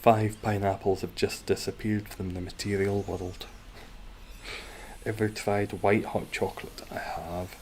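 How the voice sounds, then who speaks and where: Low-voiced man rambling while gaming. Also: little pitch movement, measured pace, darkish tone, slight background noise. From Scotland. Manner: rambling, wry, chatting with viewers between moves. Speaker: game streamer. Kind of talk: casual livestream chat while gaming.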